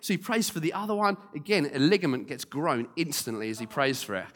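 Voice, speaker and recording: A man preaching a sermon, telling stories lively and speaking straight to the congregation. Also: fairly high pitch, quick pace, big-room sound. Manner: lively storyteller, acting out quotes, direct to congregation. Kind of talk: storytelling sermon.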